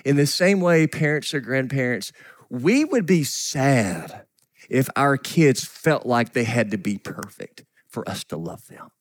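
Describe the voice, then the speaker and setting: A middle-aged man preaching as a pastor, with an earnest, pleading manner. His voice sits at an ordinary pitch and sounds close and dry, with no room around it. He often sinks into hushed, almost whispered phrases. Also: expressive, unhurried, no echo. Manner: earnest, drops to soft whispers for quoted grief. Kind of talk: sermon.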